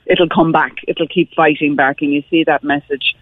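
A Dublin woman phones a radio chat programme, her Irish accent carried over a tinny line. Her slightly rough voice sits low and keeps a steady tone at normal speed, with no room sound, as she speaks earnestly and eagerly, leaning on many fillers.

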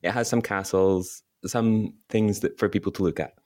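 A young Scottish man chatting on a podcast, on the lower side in pitch. He rambles through his anecdotes and laughs partway through his own sentences. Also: fairly even intonation, normal speed, a little mellow. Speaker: podcast co-host. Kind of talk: casual chat.

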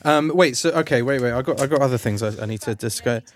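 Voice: mid-range voice, quick pace. A podcast host, chatting casually in a studio, cheeky and sweary, slipping into playful voices to quote people. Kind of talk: casual chat.

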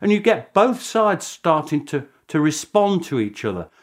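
A British man, a historian, telling the story in a documentary interview with animated delivery and chuckling asides. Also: a little high, normal speed.

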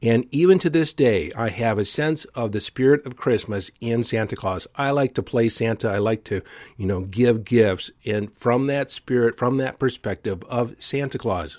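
A man's voice: mid-range voice, expressive, moderate pace, a little mellow, dry recording, clean studio sound. A man hosting a motivational podcast, talking earnestly and with emphasis as he coaches listeners. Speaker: podcast host. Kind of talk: motivational solo talk.

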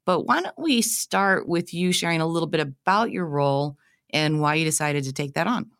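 A woman's voice: sits low, normal speed, a bit bright. A woman hosting an interview, asking questions in an enthusiastic, friendly way. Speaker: podcast host.

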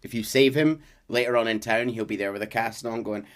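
A man co-hosting a podcast, casually retelling a game's story and slipping into quick character voices. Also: mid-range voice, fairly even intonation. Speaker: podcast co-host.

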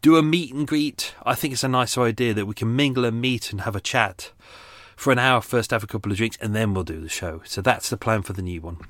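A man's voice: mid-range voice, fairly quick, fairly bright tone, no echo, studio quality. A middle-aged man hosting a podcast in a casual, rambling chat full of fillers and restarts, talking outdoors by his boat. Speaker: podcast host.

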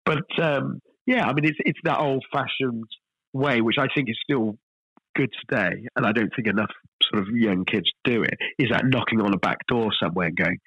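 A middle-aged man, a chef guest telling stories in a relaxed podcast interview, self-deprecating and full of restarts. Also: mid-range voice, moderate pace, breathy edge, no room sound, highs cut off. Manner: chatty, self-deprecating storyteller with frequent restarts.

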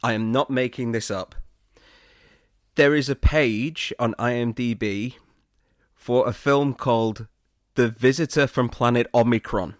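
A man from Britain co-hosting a film podcast in a casual, chatty way, often breaking into laughter and getting animated when something excites him. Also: mid-range voice, unhurried, pauses often, no room sound, studio quality. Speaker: podcast co-host.

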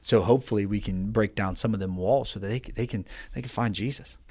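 A man's voice: on the low side, fast, darkish tone. A man hosting a faith podcast, speaking in an earnest, preachy way while chatting. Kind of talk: casual faith podcast chat.

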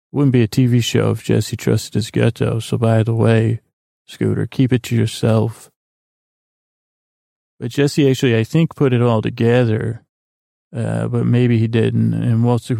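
Podcast host, male, gravelly and mellow, rambling casual recap, dry sound. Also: medium pitch, dry recording. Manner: rambling, halting restarts, acts out quoted lines.

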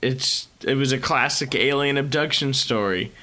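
A man's voice: medium pitch, moderate pace, pushed and bright. A man co-hosting a podcast in casual chat, his voice scratchy from being sick, talking in a laid-back way and swearing casually. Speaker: podcast co-host.

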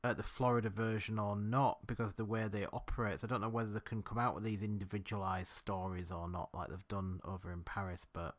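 A man with a Yorkshire accent, co-hosting a casual podcast chat and telling anecdotes that trail off quietly at the ends of phrases. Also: lowish voice, level tone, fast, few pauses. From Yorkshire, England. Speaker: podcast co-host.

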